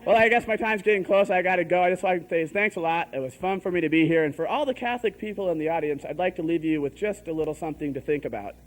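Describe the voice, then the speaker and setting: A man's voice: high-pitched, fast talker, few pauses, low-quality recording. A young man doing a stand-up comedy set on a live stage, chatty and full of "you know". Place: live stage before an audience.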